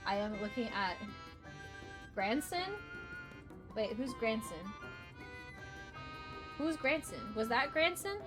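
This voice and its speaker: A woman streaming a video game, chatting casually, repeating herself and breaking into excited squeals. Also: fairly high pitch, slow pace, pauses often, music in the background. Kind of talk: casual gameplay livestream chat.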